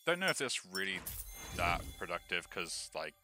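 A man hosting a game video, thinking aloud in relaxed let's play commentary, with the hiccups. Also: low-pitched, moderate pace. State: has the hiccups. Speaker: gaming channel host. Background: background music.

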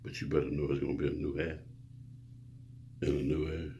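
A man's voice: a bass voice, flat delivery, fairly quick, creaky, mellow, slight background noise. A man preaching a rambling monologue to his viewers, grandiose and profane, lecturing the listener. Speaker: self-styled preacher.

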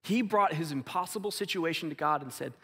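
A man preaching a sermon in a church, earnest, acting out quotes and dropping softly into stories. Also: on the high side, brisk, gravelly, breathy edge, long reverb tail. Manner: earnest, acts out quotes, drops to soft tones for stories. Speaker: pastor. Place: church sanctuary.

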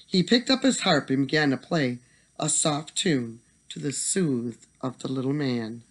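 Expressive bedtime storyteller. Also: medium pitch, unhurried, slight background noise.

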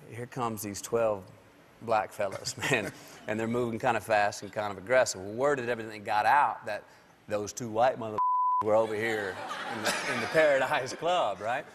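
A man, a late-night talk show guest telling a long story, drawling and acting out other people's lines as he goes. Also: on the low side. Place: television studio stage. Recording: studio hall reverb with faint noise.

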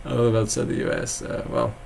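Young male streamer from Texas, mid-pitched, loose rambling delivery, quick to laugh and throw sarcasm at chat. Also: creaky, a little mellow. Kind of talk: casual live-stream chat reading viewer comments.

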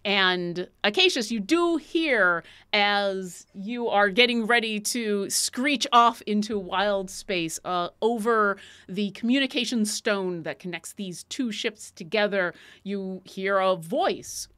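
A woman with a bright, clear voice narrates a tabletop game as its dungeon master. Her delivery is lively and playful as she sets each scene. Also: mid-range voice, takes it slowly, few pauses.

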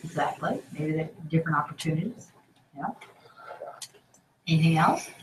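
Female workshop facilitator, lowish voice, echoey room from a distance. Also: expressive, normal speed. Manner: prompting, encouraging questions. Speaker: training facilitator. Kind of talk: leading a group discussion. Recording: echoey room from far off, faint noise.

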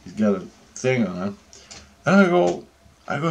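A man's voice: mid-range voice, very animated, a little slow, vocal fry, muffled recording. A man casually recounting an experience in a rambling, profane way, acting out both sides of the conversation. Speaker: channel host.

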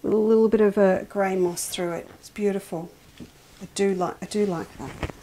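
An enthusiastic middle-aged woman talks through fabrics on a casual quilt shop show. She sounds chatty and excitable, often breaking off mid-thought before picking the sentence back up. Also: mid-range voice, normal speed, slight background noise. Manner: chatty, enthusiastic, self-interrupting. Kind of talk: casual product show-and-tell.

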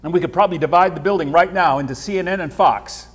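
A man preaches from the pulpit, his fairly high voice carrying a husky edge. He stumbles over repeated words and swings from hushed asides to loud bursts. A long church reverb trails every phrase. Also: fast talker. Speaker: pastor. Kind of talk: sermon. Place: church sanctuary.

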